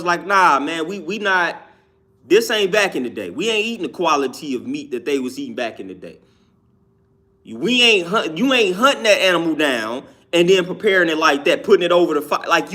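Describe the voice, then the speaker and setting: A man's voice: sits high, a bit bright. A young man talking casually and emphatically about diet, with slangy, repetitive phrasing. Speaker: vegan health talker. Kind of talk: casual monologue.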